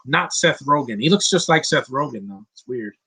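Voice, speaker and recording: A man's voice: mid-range voice, expressive, normal speed, creaky, bright, forceful tone, low-quality recording. A man in his thirties giving casual live-stream movie commentary, rambling and blunt, swearing freely and often restarting sentences. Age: 30s.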